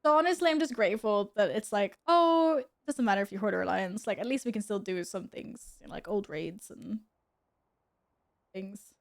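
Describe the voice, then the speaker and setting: A woman's voice: mid-range voice, moderate pace, vocal fry. A young woman chatting casually with her viewers while gaming at home, giggling and talking to her cat. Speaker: streamer. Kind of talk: casual gaming stream chat.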